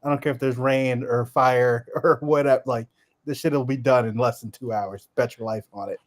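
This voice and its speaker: A man's voice: mid-range voice, steady tone, normal speed. A man hosting a podcast in casual chat, laid-back and profane, laughing often. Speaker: podcast host.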